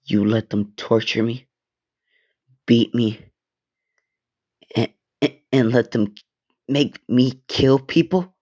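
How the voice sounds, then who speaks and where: A man's voice: mid-range voice, darkish tone, highs cut off. A man voicing a vengeful teenage boy who mocks and threatens in a cold, sneering way. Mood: menacing. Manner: threatening, sneering, drawn-out menace.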